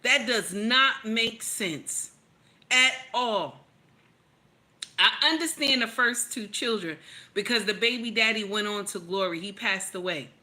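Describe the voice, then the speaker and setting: Bright-voiced, blunt woman streamer. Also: medium pitch, unhurried. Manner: blunt, profane, laughs often, reads chat aloud. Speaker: commentator reacting to a clip. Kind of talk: casual live-stream commentary.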